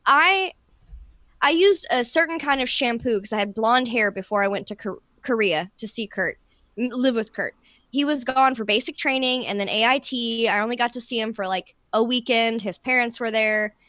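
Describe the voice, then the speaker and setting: A woman with a high, bright-sounding voice chats casually with her podcast co-hosts. She tells stories in an animated way, jumping up in pitch when she quotes herself. The sound is dry and close. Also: moderate pace, dry recording. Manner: animated, acts out her own past lines in a higher voice. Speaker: podcast co-host. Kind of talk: casual group chat, storytelling.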